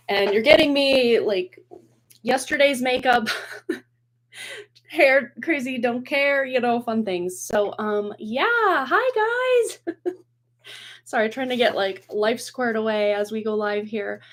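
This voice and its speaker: A woman in her forties hosts a tarot livestream from her home computer, chatting in a loose, rambling way with lots of fillers and easy laughter. Her voice sits fairly high and is a little hoarse from a lingering cold. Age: 40s. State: slightly hoarse from a cold and raw throat. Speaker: tarot reader and livestream host. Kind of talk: casual livestream chat. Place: home room with dog toys and boxes behind. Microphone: computer webcam.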